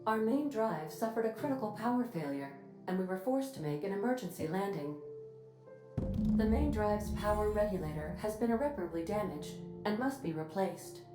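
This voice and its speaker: A woman voicing a polite, literal-minded female ship computer in a video game, speaking in a formal, precise, evenly measured way. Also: mid-range voice, lively intonation, natural voice. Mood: courteous. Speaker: ship's AI. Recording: echoey game audio with faint music.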